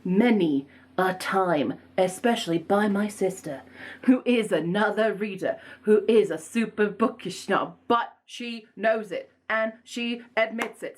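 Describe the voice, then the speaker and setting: A young woman chatting casually to camera as a book vlogger, animated, rambling and self-mocking. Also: mid-range voice.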